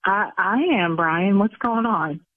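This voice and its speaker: A woman's voice: mid-range voice, unhurried, dry recording. A woman from the South Side of Chicago, a salon owner who speaks in an indignant, exasperated, defensive way and swears, over the phone. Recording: tinny phone line.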